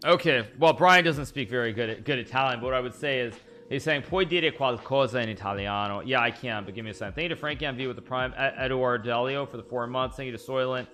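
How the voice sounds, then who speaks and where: A man's voice: medium pitch, quick pace, few pauses, pushed and bright, soft background music. A man live-streaming a chess game, thinking aloud about his moves and chatting with viewers in a rambling way. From United States.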